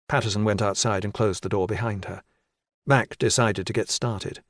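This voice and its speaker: A man reads a crime thriller audiobook in a steady, measured way, delivering scripted narration. His voice sits fairly low, and the recording is dry and studio-clean.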